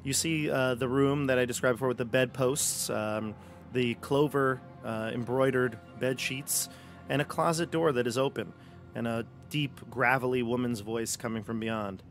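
A man's voice: medium pitch, moderate pace, faint music behind. A man acting as game master on a live-streamed tabletop game, joking and rambling with many fillers.

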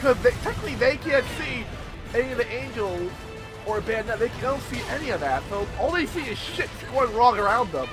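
A young man giving casual, excitable commentary while playing a video game, swearing and repeating lines from the game. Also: extremely high pitch, a little fast, over music. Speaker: gameplay video host. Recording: loud game soundtrack behind.

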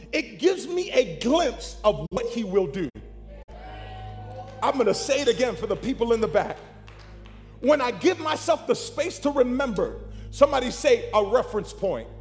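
High-voiced man preaching in an echoey hall. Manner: animated preaching, calls to the congregation. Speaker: pastor. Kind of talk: sermon.

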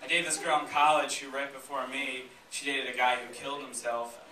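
A man performing a stand-up comedy set on a theater stage, telling deadpan stories with sudden loud punchlines while the audience laughs. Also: medium pitch, brisk, a crowd in the background. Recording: roomy, distant, noisy live club recording.

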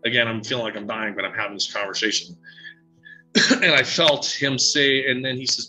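A man with a very bright, forward voice tells his story in a halting, emotional way, full of fillers and restarts. Faint music plays underneath him. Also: medium pitch, steady tone, rough recording. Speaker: psychic medium guest. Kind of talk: casual interview storytelling.

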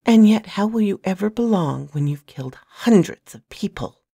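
A woman's voice: medium pitch, expressive, moderate pace, gravelly, warm tone, slightly rough, dry recording, clean studio sound, voice pushed up. A woman voicing a haughty female enforcer who talks in a sneering, patronizing way in a storybook reading. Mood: mocking.

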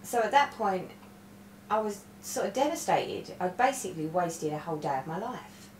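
A woman's voice: mid-range voice, animated, normal speed, a little mellow, slight background noise. Chatty middle-aged woman in an echoey room. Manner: chatty, rambling storytelling with many restarts. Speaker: cross-stitch vlogger. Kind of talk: casual stitch-along chat. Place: room at home. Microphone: webcam. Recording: roomy echo.

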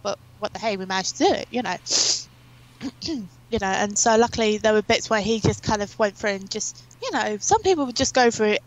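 A young woman from England, an interview guest, rambles through long stories in a chatty way with many fillers. Her mid-range voice is brisk, and the recording quality is low.

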